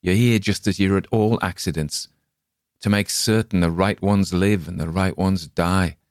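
A badly hurt man, frightened and accusing, his voice pushed up high and strained as he pleads and panics, put on by a male storyteller. The recording is close and dry, with no room sound. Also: fairly even intonation, normal speed, darkish tone, dry recording.

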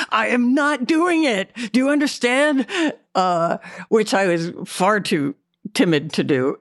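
A woman with a gravelly, fry-laden voice tells her story as an interview guest, pausing often on fillers and restarts. The sound is dry and close. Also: on the low side, no echo. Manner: hesitant, many fillers and restarts, candid. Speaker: actress and memoir author, guest. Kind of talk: interview, recounting memories.

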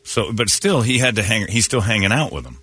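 Male morning host, husky, lively delivery, low-ish voice, crude joker. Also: dry recording. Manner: crude, joking, quick to laugh. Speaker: radio show host. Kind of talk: casual morning radio banter.

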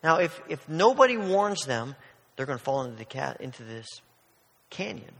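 A man's voice: a little high, big pitch swings, moderate pace, gravelly, a bit bright, husky, big-room sound. A man preaching a sermon as a pastor, earnest and emphatic, often restarting and repeating words as he works through a point.

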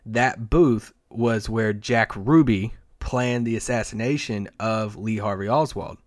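Low, dry-voiced man telling rambling stories. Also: a little slow, dry recording. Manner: rambling storyteller, many fillers and restarts. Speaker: podcast co-host, team site editor. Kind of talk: casual sports podcast chat. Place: Dallas area.

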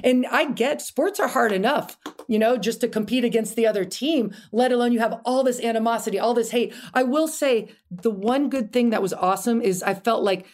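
Middle-aged woman guest, chatty and animated, keeps restarting sentences. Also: fairly high pitch, fairly quick. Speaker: podcast guest. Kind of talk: casual interview storytelling.

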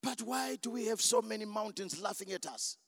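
A preacher in a church, with a strikingly high voice that leaps up and down. He shouts his points and calls for the congregation to answer back. A long reverb trails behind his words. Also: lively intonation, fairly quick, creaky, clean studio sound. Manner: emphatic, shouting, call-and-response. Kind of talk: sermon.

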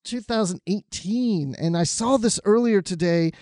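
An easygoing man chats on a podcast, telling stories in a relaxed way. His voice is a little high for a man, and the recording is dry and close to the mic. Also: a little slow, no room sound. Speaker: podcast co-host. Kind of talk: casual podcast chat.

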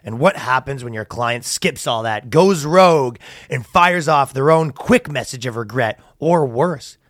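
A man's voice: mid-range voice, lively intonation, unhurried, a bit bright, dry recording, studio quality. A man co-hosting a comedy podcast, riffing casually, laughing and reading quotes aloud from an article. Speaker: podcast co-host.

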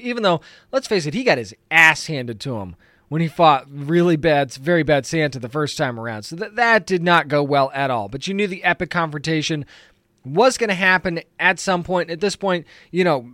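A man's voice: fairly high pitch, a bit bright, dry recording, studio quality. A man casually recapping and reviewing a TV episode, enthusiastic and rambling, with many fillers.

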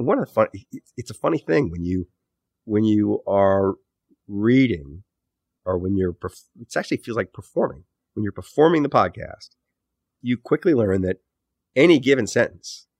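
A man's voice: fairly low pitch, no room sound, studio quality. A man being interviewed as an author, talking in a thoughtful, rambling way and often correcting himself mid-sentence. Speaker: author and podcast host, interview guest. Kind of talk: casual interview talk.

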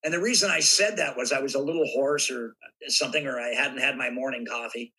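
An American guest actor with a mid-range, slightly breathy voice talks a little fast on a rough recording. In a casual interview, he tells animated stories, acting out the voices and bits of dialogue in his anecdotes.

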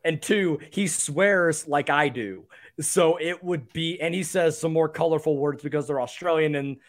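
A young man co-hosting a casual sports podcast, with a slightly higher voice. He talks in a chatty, self-deprecating way and laughs often. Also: moderate pace. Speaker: podcast co-host.

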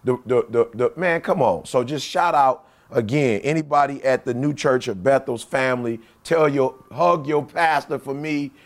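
Man, podcast co-host, casual, hyped shout-outs, playful, mid pitch. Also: moderate pace, hardly any pauses.

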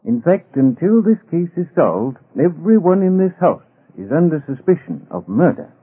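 Mister Keen, a grave detective. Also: male voice, on the high side, very animated, slight background noise. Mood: stern. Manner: grave, measured. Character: Mister Keen, calm firm male detective. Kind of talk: 1950s radio drama acting. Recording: tinny old radio broadcast.

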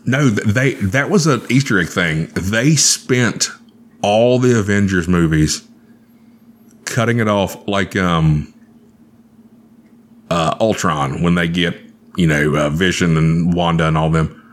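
A man's voice: low voice, takes it slowly, long pauses. A man telling stories in a casual, profane chat, acting out what people said. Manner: profane, animated storyteller.

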